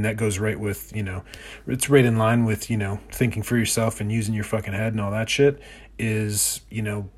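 Low husky guy in his 30s, cussing and ranting on his solo podcast. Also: darkish tone. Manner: profane, exasperated ranting. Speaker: podcast host.

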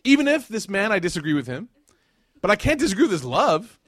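Man, lecturer, casual storytelling, animated asides, dry close sound. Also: high voice, fast talker, dry recording. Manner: conversational, animated, slangy asides. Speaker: Islamic lecturer.

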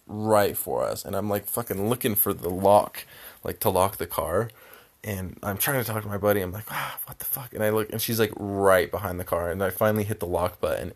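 A young man telling a long road-trip story in a rambling, casual way, with constant filler words and frequent swearing. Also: sits low.

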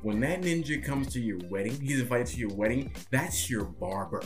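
A man's voice: mid-range voice, lively intonation, moderate pace, music in the background. A man co-hosting a podcast, telling stories in casual chat and laughing often. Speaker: podcast co-host.

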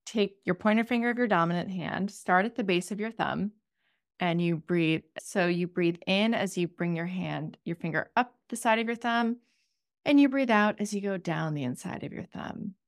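Gentle instructive woman co-host. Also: fairly low pitch, moderate pace, no room sound, clean studio sound. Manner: gentle, instructive, sing-songy with kids' exercises. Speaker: podcast co-host; parent. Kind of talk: casual chat.

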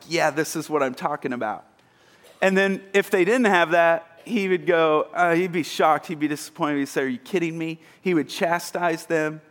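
A man preaching a sermon in a casual, self-mocking way, acting out scenes with animated exclamations. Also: a little high. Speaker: pastor.

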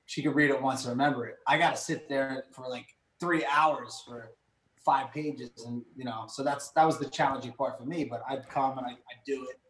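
A man in his thirties telling stories in casual chat, animated and rambling with lots of fillers. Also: mid-range voice, normal speed. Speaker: podcast guest. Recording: echoey room.

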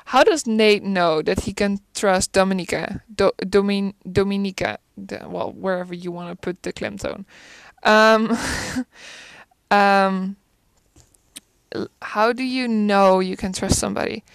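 A woman's voice: mid-range voice, steady tone, unhurried, clean tone, no room sound. A woman chatting casually about a film, thinking aloud, asking herself questions and often restarting as she searches for words. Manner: reflective, asks rhetorical questions. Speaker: film commentator. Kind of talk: casual musing chat.

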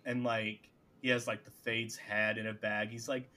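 Animated man retelling scenes in casual chat. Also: on the low side, moderate pace. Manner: animated, acts out characters' lines. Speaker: podcast co-host.

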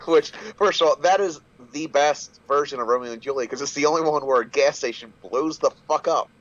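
A man's voice: on the high side, a little fast, lo-fi sound. A man chatting casually on a podcast, swearing freely and laughing often. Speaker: wrestler guest.

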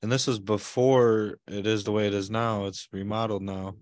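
Low-voiced man telling a swearing story. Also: flat delivery, normal speed, a little mellow, dry recording, studio quality. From Michigan. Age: adult parent. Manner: swearing storyteller who acts out quotes. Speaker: podcast co-host. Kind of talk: casual chat.

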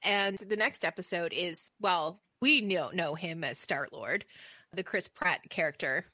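Woman co-hosting a podcast, bright voice, chatty, laughs a lot, dry sound. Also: fairly low pitch, a little slow, no room sound. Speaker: co-host. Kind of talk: casual podcast chat.

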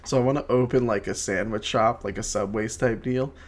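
A man's voice: on the low side, a little fast. A young man co-hosting a podcast, joking around, laughing often and swearing casually. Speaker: podcast co-host. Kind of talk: casual chat.

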